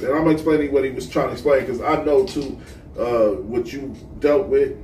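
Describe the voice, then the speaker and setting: A man hosting a casual podcast chat, talking in an animated way, swearing and getting louder when worked up. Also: on the high side, brisk, far from the mic. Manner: animated, swearing, rising to a near-shout when heated. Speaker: podcast host. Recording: echoey room, off-mic, faint noise.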